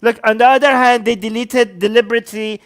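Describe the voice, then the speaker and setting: Male co-host, very high pitch, angry profane ranter. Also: fairly even intonation, fast, a bit bright, smooth. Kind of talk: heated political commentary.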